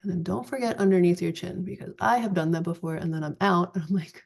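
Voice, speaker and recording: A woman in her forties giving a chatty, relaxed step-by-step makeup tutorial. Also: lowish voice, quick pace, vocal fry, hardly any pauses. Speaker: makeup vlogger.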